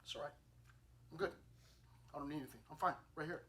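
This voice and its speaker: A male pastor voicing a self-effacing mother who brushes off any help, in a soft half-whispered tone, lower than his own voice. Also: fast. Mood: dismissive.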